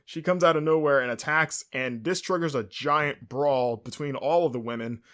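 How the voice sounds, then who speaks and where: A man's voice: fairly high pitch, moderate pace, fairly bright tone. A man hosting a podcast, casually recapping a show on his own, rambling with lots of fillers and mid-sentence corrections. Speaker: podcast host.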